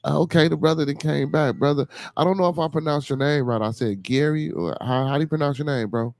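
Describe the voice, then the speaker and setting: A man with a Chicago accent hosting a casual call-in podcast, talking deliberately, stumbling over repeated words and calling people "man" and "brother.". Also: fairly high pitch, darkish tone, no echo. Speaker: podcast host.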